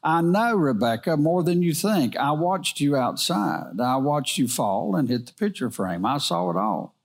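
A man's voice: fairly high pitch, very animated, measured pace, full character voice. A man voicing a loving, patient father who speaks tenderly to his daughter in a read-aloud story. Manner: warm, reassuring and tender.

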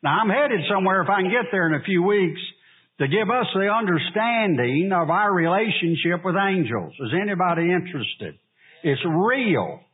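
A man preaching a sermon, asking the congregation questions and pausing for answers. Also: sits high, lively intonation, slightly rough, narrow, tinny audio. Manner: preaching with call-and-response questions. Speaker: pastor.

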